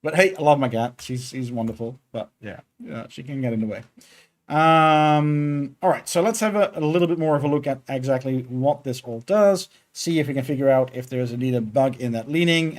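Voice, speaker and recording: A man with a medium-pitched, darkish voice streams his game development work live. He chats casually and thinks out loud, using plenty of fillers as he codes.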